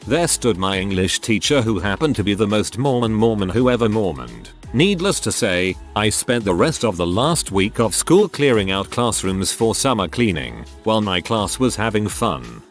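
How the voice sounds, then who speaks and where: A man with a lower voice narrates a run of anonymous stories in a scripted read-aloud style. His intonation swings widely and expressively, and he now and then trips over a word. Soft music sits faintly underneath. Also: big pitch swings, moderate pace.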